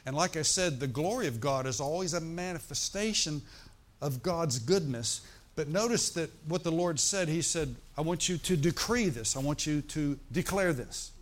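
Male pastor, fairly high voice, chatty sermon style, checks in with the room and leans on key words. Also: expressive, moderate pace. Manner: conversational preaching with frequent "right?" and "amen?" asides.

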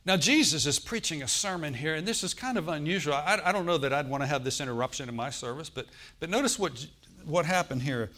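A man's voice: on the high side, expressive, fast, sharp tone. A man preaching a sermon to his congregation, conversational, checking in with "amen" and lifting his voice for emphasis. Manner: chuckles and rises in volume for emphasis. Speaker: pastor. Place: church service.

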